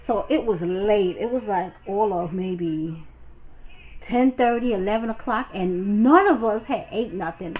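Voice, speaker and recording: A woman from Brooklyn, telling a story to her viewers in a chatty, animated and profane way. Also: mid-range voice, unhurried, phone-quality sound, a little hiss or hum. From Brooklyn, New York. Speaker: storytime vlogger. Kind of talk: casual storytelling.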